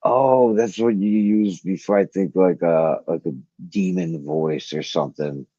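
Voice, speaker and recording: A man with a low, husky voice chats in a laid-back way as a stream guest. His voice sounds dark and dry, coming through dull, muffled remote audio. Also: fairly even intonation, a little slow, no room sound. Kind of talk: casual live stream chat.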